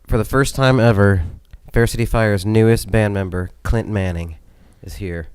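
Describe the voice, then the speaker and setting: A man's voice: fairly low pitch, fairly even intonation, normal speed, a little mellow, smooth, dry recording. A man hosting a casual podcast, introducing a guest and leading the talk in an easygoing way. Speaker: podcast host.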